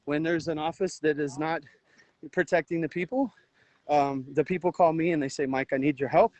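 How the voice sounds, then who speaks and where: A man's voice: fairly high pitch, steady tone, normal speed, a little mellow, no room sound, dull audio. An exhausted man livestreaming outdoors by a river, talking in an urgent, earnest, rambling way with restarts. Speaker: livestream host, veteran volunteer. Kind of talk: emotional outdoor livestream commentary. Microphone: phone livestream.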